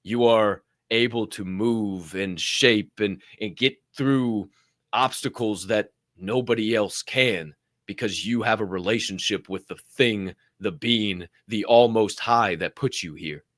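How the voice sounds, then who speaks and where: A young man giving a motivational podcast monologue as co-host, animated and profane, jumping from loud outbursts to low muttered asides. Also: a little slow, no echo, studio quality.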